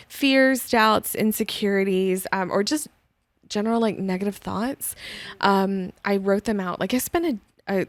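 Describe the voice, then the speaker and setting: A woman's voice: medium pitch, dry recording. A woman life coach talking with a podcast host in a chatty, easygoing way, often filling with um and like. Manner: chatty, says um and like a lot. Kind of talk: casual podcast conversation.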